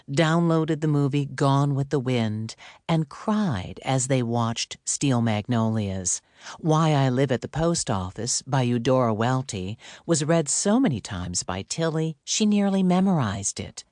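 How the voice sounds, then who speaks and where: This is a man's scripted audiobook narration, evenly paced and measured. His voice is mid-range, and the studio-quality recording has no echo.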